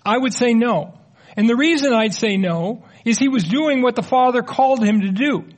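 A man's voice: very high voice, moderate pace. A middle-aged man preaching and answering audience questions in a conversational, explanatory way, with joking asides. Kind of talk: teaching sermon with audience questions.

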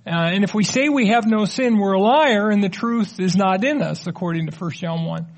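A middle-aged man with a fairly high voice leads a teaching sermon. He explains in a loose, conversational manner, slipping in light jokes while taking questions from the audience. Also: moderate pace. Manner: conversational, explanatory, joking asides. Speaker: preacher.

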